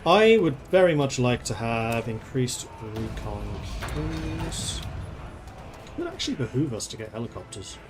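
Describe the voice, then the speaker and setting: A man talking through a war strategy game on stream, musing aloud in a relaxed, playful way. His voice sits at a middling pitch, and soft music plays faintly behind him. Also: measured pace. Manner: thinking aloud, chatty and playful. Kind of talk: casual gameplay commentary.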